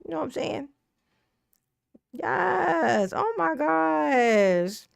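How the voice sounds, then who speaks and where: A woman hosts a casual live stream from home, thanking viewers and riffing in slangy, emotional talk. She laughs often and drawls her words out slowly. Her close microphone sounds dry, with no room echo. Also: sits high, very animated, creaky. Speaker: livestream commentary host.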